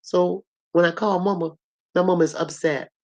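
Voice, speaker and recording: A hoarse woman with a cough, telling a story to her audience in a blunt, colorful, animated way. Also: lowish voice, brisk. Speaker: host.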